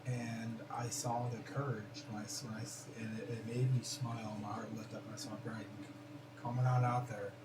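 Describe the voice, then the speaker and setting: A man's voice: medium pitch, level tone, normal speed. Earnest man heard from across a noisy room. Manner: earnest, thoughtful, restarts often. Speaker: host. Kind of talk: casual podcast conversation. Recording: roomy, distant mic with noise.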